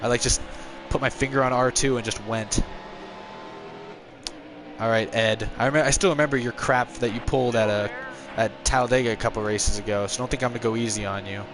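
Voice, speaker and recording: A man's voice: medium pitch, fairly quick. A tired young man chatting casually with viewers while he streams a racing game on a headset mic. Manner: relaxed, rambling, answers viewer chat. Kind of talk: casual live-stream chat.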